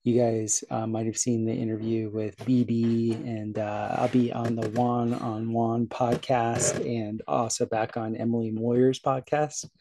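Podcast host guy from south florida, rambling upbeat outro, kinda flat mellow voice. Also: mid-range voice, unhurried, vocal fry, few pauses. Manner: rambling, upbeat, laughs at own slips. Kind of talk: casual outro monologue.

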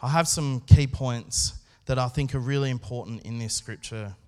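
A man preaching a sermon at a church service, speaking in an earnest, conversational way with pauses and restarts. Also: mid-range voice, dark tone. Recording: long hall reverb.

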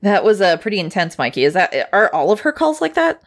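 A woman's voice: medium pitch, sing-song, fairly quick. A woman co-hosting a comedy podcast, playful and incredulous. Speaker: podcast co-host.

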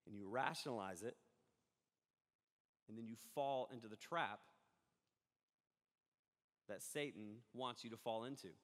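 A man preaching a sermon, rambling and animated, often breaking off mid-thought. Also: mid-range voice, unhurried, pauses often. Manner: rambling, animated, self-interrupting. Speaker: pastor. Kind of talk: live-streamed sermon. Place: church hall. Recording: echoey hall reverb.

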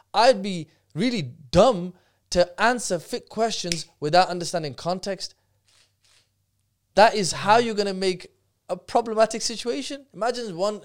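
A man, a podcast guest talking fast and animatedly, breaking off and restarting his sentences as he tells stories. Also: sits high. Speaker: guest speaker. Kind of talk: casual podcast conversation.

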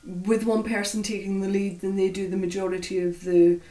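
Scottish woman, podcast co-host, slow careful speech, roomy sound, a bit far from the mic. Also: medium pitch, little pitch movement, warm tone. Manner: deliberately slow, friendly, laughs often. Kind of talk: casual podcast chat.

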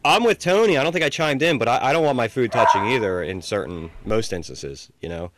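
A man co-hosting a podcast, chatting casually and telling stories with animated, self-mocking delivery. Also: medium pitch, fairly quick, heavy background noise. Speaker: podcast co-host. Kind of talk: casual chat.

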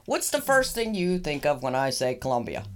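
A woman co-hosting a casual chat, animated and laughing often as she teases her co-host. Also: deep voice, moderate pace. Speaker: podcast co-host.

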